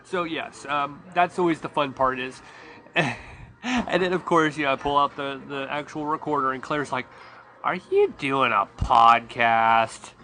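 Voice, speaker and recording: A man's voice: a little high, fairly even intonation, normal speed, sharp tone, soft background music. A man hosting a podcast in casual chat. He rambles with restarts and laughs often. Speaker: podcast host.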